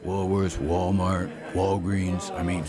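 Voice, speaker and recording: A man's voice: low-pitched, little pitch movement, slow, music in the background. A man co-hosting a radio show, chatting and laughing easily in casual banter. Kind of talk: casual on-air chat.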